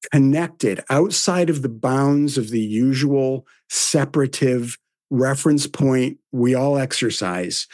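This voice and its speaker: Man in his 60s, slow unhurried storyteller, dry close sound, acts out the dialogue. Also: medium pitch, a little mellow, no room sound. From American South. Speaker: podcast speaker. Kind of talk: storytelling reflection.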